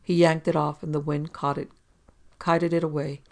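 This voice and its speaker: An audiobook narrator with a gravelly, creaky voice, telling a pulp detective story at a steady pace. The voice sits in a middle pitch. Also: normal speed. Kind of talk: scripted narration.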